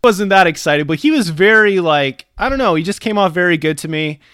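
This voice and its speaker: A young adult man telling a personal story in a chatty, animated way, full of casual fillers. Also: high voice, a little fast, smooth, no room sound, studio quality.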